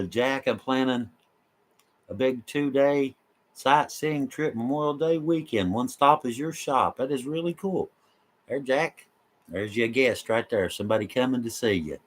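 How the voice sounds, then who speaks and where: A man, hosting a casual live chat from home and reading viewer comments in an easygoing, folksy way with lots of laughter. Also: medium pitch. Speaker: live stream host.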